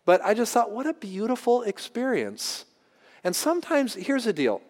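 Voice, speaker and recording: A pastor telling a personal story in a sermon, animated and acting out the voices of the people in it. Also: male voice, extremely high pitch, moderate pace. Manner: animated, acts out voices in his anecdotes. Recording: long hall reverb.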